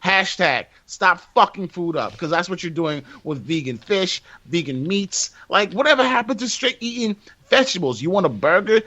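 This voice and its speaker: High, animated ranting man. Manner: profane, exasperated ranting. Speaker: podcast co-host. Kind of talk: casual podcast rant. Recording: dull lo-fi audio.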